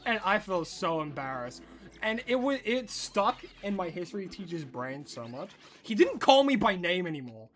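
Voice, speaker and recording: A young man streaming a game, telling stories to his chat in an animated way and laughing often. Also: high voice, normal speed, faint music behind. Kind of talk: casual live-stream chat while gaming.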